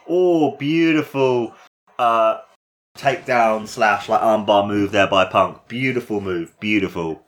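Speaking a little slowly in a lowish voice, a man delivers excitable, casual commentary on a wrestling match. His voice leaps at the big moves, with a swear word here and there.

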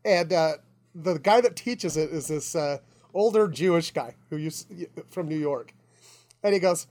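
Woman podcast guest, animated storyteller who acts out the people in her stories. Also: sits low, a little slow. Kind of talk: casual chat.

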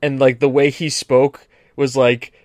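A man's voice: mid-range voice, level tone, measured pace, darkish tone, no room sound, clean studio sound. A man from America co-hosting a podcast, chatting casually and joking, stumbling over his words at times. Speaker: podcast co-host. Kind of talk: casual chat.

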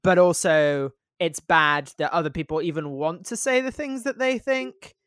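A man's voice: a little high, moderate pace, fairly bright tone, smooth, no room sound. Man, podcast co-host, wry, blunt, dry close recording, casual chat.

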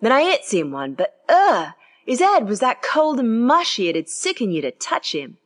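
A woman's voice: wildly swooping pitch, normal speed. A woman reading aloud and voicing a young Cockney bellboy who peppers his speech with "sir". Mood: earnest. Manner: dropped grammar, constant "sir", higher pitch.

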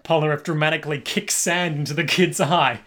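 Man, podcast co-host, casual chat, animated, acts out lines, laughs a lot. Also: fairly high pitch, fairly quick. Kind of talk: casual chat recapping an anime.

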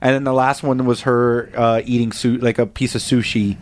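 A man's voice: mid-range voice, little pitch movement, moderate pace. A man co-hosting a casual chat show, rambling through stories with frequent laughs and restarts. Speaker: podcast co-host.

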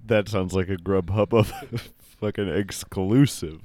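A man's voice: low voice, a little slow, no echo. A man co-hosting a podcast, chatting casually and reacting to clips with a lot of swearing and laughter. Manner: profane, animated, laughs a lot. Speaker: podcast co-host.

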